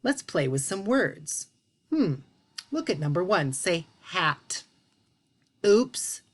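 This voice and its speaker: A woman leads a phonics lesson for young children in a slightly low voice. She talks very slowly and patiently, encouraging the children to repeat each sound after her. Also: big pitch swings. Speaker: teacher.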